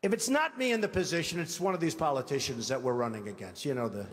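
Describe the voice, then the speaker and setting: A man's voice: medium pitch, animated, fast talker. An older man running for president, giving a boastful, repetitive campaign speech and acting out imagined phone calls. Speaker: presidential candidate. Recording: long reverb of a large hall.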